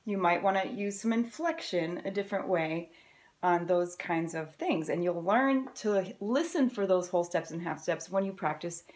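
A woman's voice: lowish voice, animated, moderate pace, darkish tone. Upbeat woman violin teacher. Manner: upbeat, encouraging, explains step by step. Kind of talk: friendly music lesson to camera.

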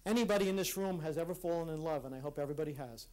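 A man with a fairly high voice giving a personal, reflective talk before a conference audience. He speaks earnestly and haltingly, often restarting his sentences. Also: a little mellow. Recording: live talk in a hall.

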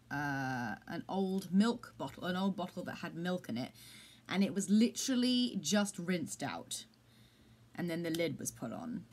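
A woman's voice: lowish voice, fairly bright tone. A woman chatting casually in a home vlog, rambling and self-deprecating, with a squeamish streak. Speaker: vlogger. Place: home room.

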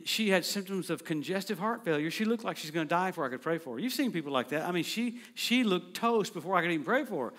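Middle-aged preacher, high-pitched, animated anecdotal delivery with quick asides, church stage mic. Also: male voice. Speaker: guest preacher. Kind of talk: storytelling sermon. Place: church sanctuary.

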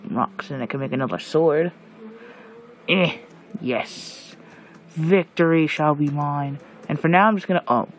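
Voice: mid-range voice, measured pace, long pauses, a little hiss or hum. A gamer giving casual let's-play commentary, jumpy and shrieking at monsters while muttering asides in between. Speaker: gameplay commentator.

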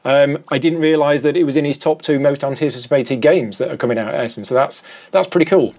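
A man's voice: on the high side, fast talker, darkish tone. A man hosting a board game podcast in casual chat, talking with many restarts and fillers. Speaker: podcast host.

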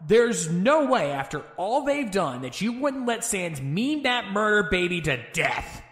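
Guy playing a creepy sarcastic character, high swoopy voice, super echoey room. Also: sing-song, unhurried, a bit bright, heavily acted. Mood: threatening. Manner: mock-polite, threatening.

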